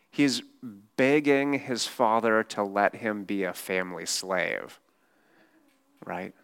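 A man's voice: medium pitch, a bit bright. Guy giving a sermon, talks like a normal conversation, leans hard on his points, keeps saying "right?". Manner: emphatic and informal, with rhetorical questions. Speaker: preacher.

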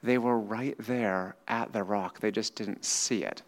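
A middle-aged man preaching a sermon in a church. He swings between loud, animated retellings and quiet, slow reflection. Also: fairly low pitch. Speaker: pastor. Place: church hall with a screen.

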